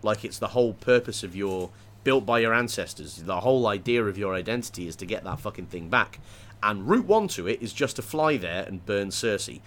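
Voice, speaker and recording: A man in casual discussion, thinking aloud with many pauses, fillers and restarts. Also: on the low side, expressive, a bit bright.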